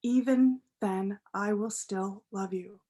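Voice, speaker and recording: A woman voicing a stern but loving father in a children's story, speaking in a measured, halting way. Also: medium pitch, fairly even intonation, dark tone, voice pushed down. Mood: tender.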